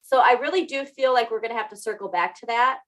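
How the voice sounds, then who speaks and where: A young woman co-hosts a podcast in loose, casual conversation, laughing often and poking fun at herself. Her voice is bright and pitched a little high. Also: fast, low-quality recording. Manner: chatty, laughs often, self-teasing. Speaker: podcast co-host. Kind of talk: casual chat.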